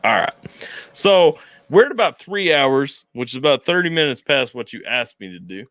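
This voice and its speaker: A man's voice: mid-range voice, normal speed, no room sound. A young adult man hosting a casual livestream interview, joking and poking fun at himself. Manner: animated, joking, self-deprecating. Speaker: host.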